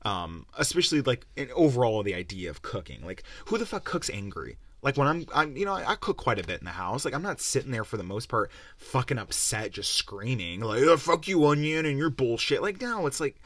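A man's voice: on the low side, very animated, brisk, few pauses, fairly bright tone, husky, no echo. Foul-mouthed ranting young man. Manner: profane, rambling, sarcastic. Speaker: podcast host. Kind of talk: casual rant-style review.

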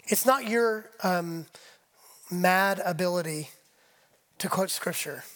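A man's voice: high voice, takes it slowly, a bit bright. A man preaching a conversational sermon, leading the congregation and acting out imagined voices as his intensity rises. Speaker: pastor.

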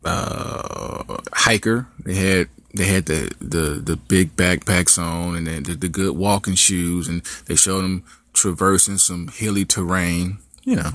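A man hosting a podcast, telling a comic story in a casual, animated way with many asides. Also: low-pitched, a little slow, no room sound. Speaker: podcast host.

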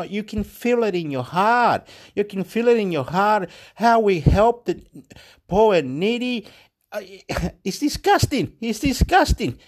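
A man talking in a rambling, repetitive and emotional monologue to camera. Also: high-pitched.

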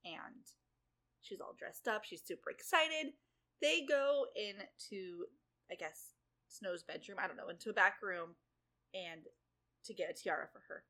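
Bright-voiced woman recapping a show. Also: mid-range voice. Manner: animated recap with quick asides and playful voicing of characters. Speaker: podcast co-host recapping episodes. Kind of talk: casual chat.

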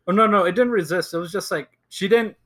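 A man's voice: sits high, fast. A young man co-hosting a casual podcast, telling a story with lots of laughing and acted-out quotes. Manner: animated storytelling, acts out quotes, laughs often. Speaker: podcast co-host. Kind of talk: casual chat.

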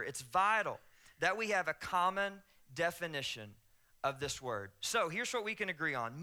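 A man's voice: a little high, bright, forceful tone, clear, resonant tone. A man with a Southern US accent preaching a sermon to his congregation in a conversational, joking way. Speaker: pastor. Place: church sanctuary.

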